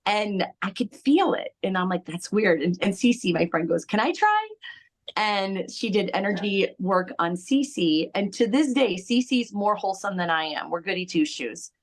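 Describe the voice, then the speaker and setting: A woman giving an earnest, halting spoken testimonial about a ceremony, with many restarts. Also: medium pitch.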